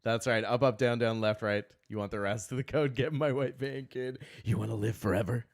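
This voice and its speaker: A man's voice: medium pitch, fairly even intonation, fairly quick, creaky. A man hosting a live morning show, joking and laughing casually. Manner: jokey, laughing. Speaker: host. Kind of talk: casual chat.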